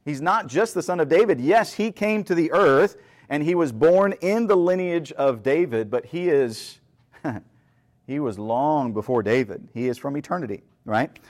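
A man's voice: on the high side, animated, a little slow, darkish tone. A man preaching a sermon, reading scripture and explaining it conversationally, often asking the listeners questions and checking in with "right?". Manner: conversational, asks rhetorical questions, frequent "right?".

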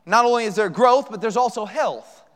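A man with a strikingly high voice preaches to a church congregation. His delivery is folksy and conversational, full of jokes and asides. His words ring out with a long reverb in a big hall. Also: moderate pace, fairly bright tone. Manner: folksy, joking, conversational with rhetorical questions. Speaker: guest preacher. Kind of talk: sermon. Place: church sanctuary.

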